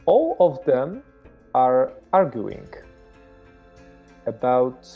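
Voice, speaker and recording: Slow, halting game master with a Polish accent. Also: male voice, medium pitch, very animated, vocal fry, breathy edge, phone-quality sound, faint music behind. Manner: hesitant, many fillers, searching for words. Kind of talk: narrating a tabletop horror game.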